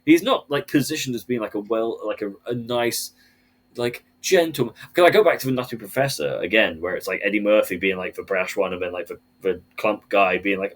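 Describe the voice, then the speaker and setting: A man with a fairly low voice chats on a podcast in an animated, swear-heavy rant. He keeps his talk loose and casual, full of fillers, and drives each point hard. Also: a little fast. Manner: animated, profane ranting.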